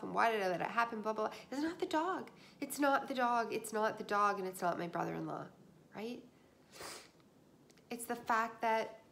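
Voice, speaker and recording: Earnest woman vlogging to camera, kinda high voice, repeats stuff in slow lists. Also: a bit bright, slight background noise. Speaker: self-help vlogger. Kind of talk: reflective personal monologue.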